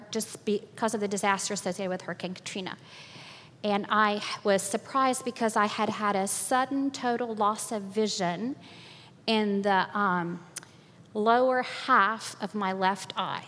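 An older woman giving a personal faith testimony at church, animated and often laughing, acting out what others said. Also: mid-range voice, big-room sound. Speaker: church speaker.

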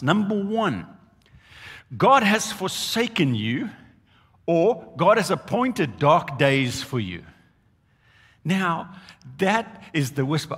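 Male pastor, lively pitch, husky voice, long hall reverb; emphatic sermon delivery. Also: slow pace. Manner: emphatic, animated preaching with repeated phrases.

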